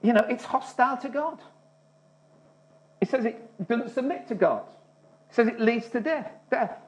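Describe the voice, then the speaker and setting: A man's voice: extremely high pitch, expressive, normal speed. A man preaching a sermon, speaking earnestly and often restarting his words. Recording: dull lo-fi recording.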